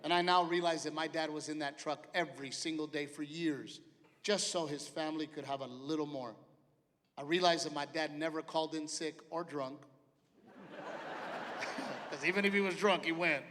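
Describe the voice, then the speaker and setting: A middle-aged man doing a stand-up set, loud and punchy, with sudden shouted punchlines. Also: a little high, normal speed, a little hiss or hum. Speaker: stand-up comedian. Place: large theater stage. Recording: live theater with long reverb and faint ambience.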